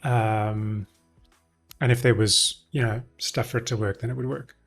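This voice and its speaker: A man at his desk microphone walks through his coding work for a live stream, thinking aloud in a relaxed, unscripted way. His voice is a little husky and sits at an ordinary middle pitch. Faint music plays quietly behind him. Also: a little slow. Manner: thinking aloud, many ums and self-corrections. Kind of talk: casual live-coding walkthrough.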